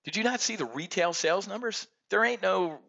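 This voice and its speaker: Guy ranting about the markets, sharp forceful voice, kinda dull lo-fi sound. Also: high voice, a little fast, creaky. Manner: brash and animated, keeps addressing folks. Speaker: options trading show host. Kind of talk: energetic market commentary rant.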